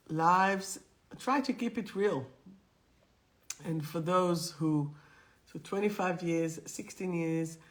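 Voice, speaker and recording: A middle-aged woman and spiritual teacher, chatting directly to viewers on a live stream and leading them in affirmations. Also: on the low side. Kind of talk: live-streamed guidance session.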